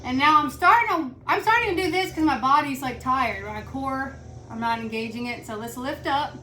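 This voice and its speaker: A high-voiced young woman talks viewers through a hip routine, breathless from the work. She is blunt and chatty and curses offhandedly between reps. A steady background noise runs under her voice. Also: normal speed. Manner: chatty, blunt, swears casually, counts reps aloud. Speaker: fitness instructor. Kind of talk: casual workout instruction. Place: home workout room.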